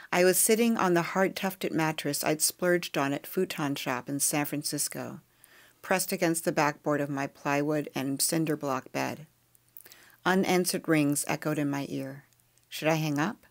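A woman podcast host reading a memoir chapter aloud in a quiet, measured, intimate way. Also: deep voice.

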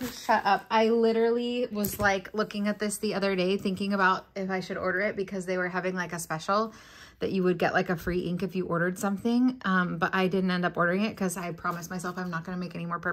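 A woman's voice: fairly low pitch, slight background noise. Gushing young woman unboxing. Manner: gushing, excitable, gasping and exclaiming often. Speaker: stationery vlogger. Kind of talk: casual unboxing chat.

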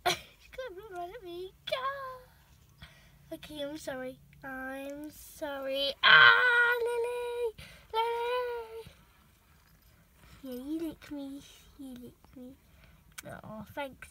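A woman's voice: high-pitched, slow pace, fairly bright tone, a little hiss or hum. A woman filming her kitten, talking to it playfully and laughing as she scolds it. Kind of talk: casual talk to a pet.

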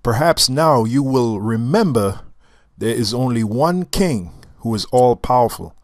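A man voicing a proud king who commands the sea, speaking slowly and emphatically. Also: mid-range voice, animated, dry recording, clean studio sound. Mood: solemn. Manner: slow, emphatic royal proclamation.

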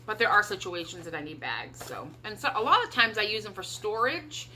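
A woman's voice: mid-range voice, very animated, fairly quick, pushed and bright, a little hiss or hum. A middle-aged woman with a Midwestern American accent chatting casually in a haul vlog, upbeat and rambling, talking around a cough drop. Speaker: vlogger.

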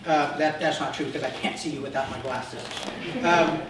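A slightly high-voiced man preaches an Easter sermon at a moderate pace, addressing his congregation with frequent "Okay?" check-ins and animatedly playing out Bible figures. The recording, made in a church sanctuary, is very echoey, distant and faintly noisy.

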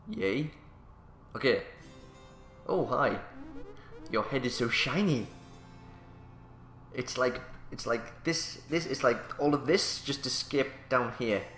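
A man's voice: medium pitch, a bit bright, roomy sound. A man casually commentating a game, playful and jokey, swearing and reacting as he plays. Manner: playful, jokey, swears, does silly voices. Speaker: let's play host.

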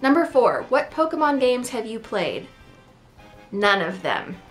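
Chatty, slightly high-voiced woman vlogging, faint music under her. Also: big pitch swings, unhurried. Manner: playful, self-deprecating, chatty. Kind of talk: casual chat.

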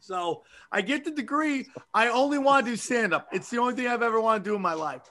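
A man's voice: very high voice, fast. A middle-aged man, a podcast host and comedian, telling rambling, profane stories in casual chat. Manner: profane, animated storytelling. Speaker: podcast host and stand-up comic.

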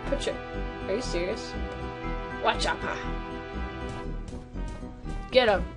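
A woman's voice: medium pitch, slow, over music. A woman playing a video game and reacting bluntly, with exclamations and swearing. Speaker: gamer. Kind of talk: let's play commentary.

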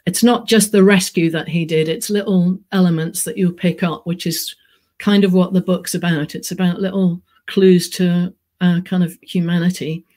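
A speaker reads aloud at a book launch, speaking haltingly with frequent ums and sounding close to tears. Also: medium pitch, darkish tone. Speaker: book editor reading at a launch. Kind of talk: book reading with informal asides.

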